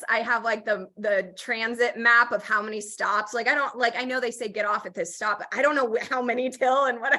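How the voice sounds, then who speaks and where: Bright, chatty young woman. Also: on the high side. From Oregon, US Pacific Northwest. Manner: chatty, self-deprecating, lots of "like" and "um". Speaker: podcast host. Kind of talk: casual chat.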